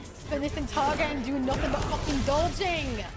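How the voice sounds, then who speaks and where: A woman streamer giving live gameplay commentary, loud and quick to swear, often bursting into laughter. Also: high-pitched, steady tone. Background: faint game music.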